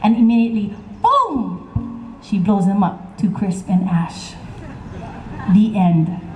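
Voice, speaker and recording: A woman telling a legend live to an audience in a lively, chatty, teasing way. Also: medium pitch, a little slow, muffled recording, faint music behind. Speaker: storyteller. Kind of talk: live oral storytelling to an audience. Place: outdoor concert stage. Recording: echoey outdoor stage sound.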